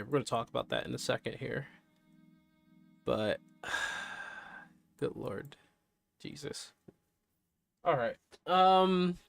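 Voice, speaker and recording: Guy streaming from home, just chatting, kinda low-key and candid, desk mic, some quiet music behind him. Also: gravelly, smooth. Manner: candid, subdued, reacting to news and chat. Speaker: live streamer. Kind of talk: casual live-stream chat.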